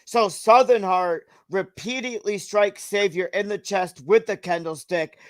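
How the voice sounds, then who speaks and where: A man co-hosting an online show, narrating a wrestling storyline casually and reacting with animated comments. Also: high voice, unhurried, no echo. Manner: animated, reacts loudly to the action. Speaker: co-host.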